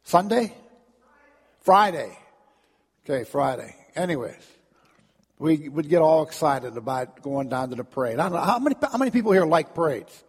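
A man's voice: on the high side, big pitch swings, moderate pace, long pauses, breathy edge, in a large hall. A man preaching a sermon in a storytelling manner, often repeating words and acting out crowd voices. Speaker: pastor.

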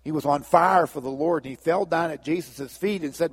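Husky male pastor preaching in a hall. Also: on the high side, fairly quick. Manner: storytelling, acts out biblical dialogue with lively voices. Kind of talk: sermon.

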